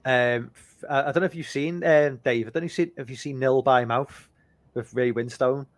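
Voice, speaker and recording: A man's voice: mid-range voice, fairly even intonation, a little fast, dry recording. A man co-hosting a casual movie chat stream, rambling and swearing freely with lots of restarts. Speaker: podcast co-host.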